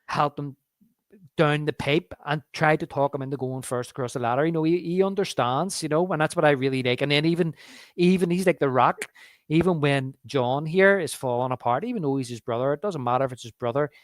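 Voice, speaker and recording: A man's voice: fairly high pitch, no echo, studio quality. A man co-hosting a movie podcast, chatting casually and stumbling through restarts while he retells scenes. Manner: halting, many restarts, acts out movie quotes. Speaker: podcast co-host. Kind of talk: casual movie review chat.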